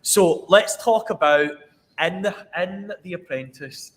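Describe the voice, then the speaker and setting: A Scottish man hosts a podcast in a lively, higher voice that swings all over. He is chatty and quick to laugh, and his voice echoes with a long hall reverb over faint hiss. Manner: chatty, laughs along with the guest. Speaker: podcast host. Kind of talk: casual podcast chat.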